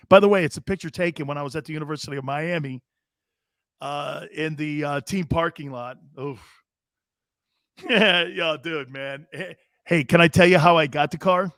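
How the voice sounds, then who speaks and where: A man in his fifties hosts a sports talk show and tells a rowdy story in a brash, swearing, animated way. His voice sits a bit high for a man. The sound is close and dry, with no room echo. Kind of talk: casual storytelling.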